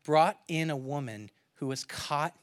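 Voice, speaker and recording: A man with a bright, fairly high voice delivers a sermon with lively storytelling, pushing certain points out loudly and dropping others almost to a hush. The sound is dry and close to the mic. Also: unhurried, no room sound. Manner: animated storytelling, swings from loud to quiet. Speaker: pastor.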